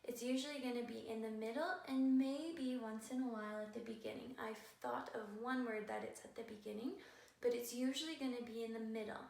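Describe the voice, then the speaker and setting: A woman teacher giving a patient phonics lesson to young children, sounding words out slowly and carefully. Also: on the high side, fairly even intonation, vocal fry, a little mellow. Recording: echoey room, voice a bit far from the mic.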